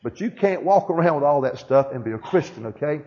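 Pastor preaching, asking "Amen?". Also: male voice, a little high, expressive, a little fast. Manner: preaching with frequent "Amen?" check-ins; reads aloud from a book to the congregation. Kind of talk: sermon. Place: church. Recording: dull lo-fi sermon recording.

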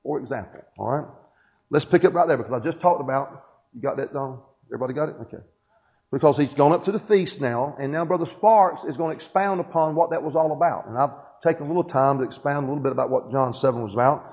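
A man's voice: on the high side, fast talker. A male pastor giving a sermon to his congregation, often asking "Amen?" and reading aloud from a book. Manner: preaching with frequent "Amen?" check-ins. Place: church. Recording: dull lo-fi sermon recording.

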